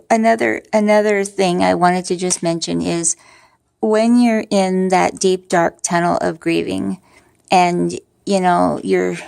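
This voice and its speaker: A woman's voice: mid-range voice, creaky, darkish tone. A middle-aged woman talking candidly and a bit wearily about grief, rambling with many restarts and wry asides. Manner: candid and upfront, with wry humor. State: tired. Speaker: vlogger sharing her grief story. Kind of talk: casual personal monologue.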